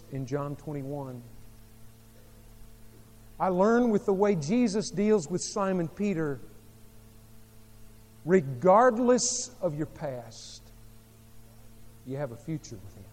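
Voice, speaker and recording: A man preaching a sermon as pastor, telling a story dramatically, with sharp swings between soft and loud. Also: on the high side. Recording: long hall reverb.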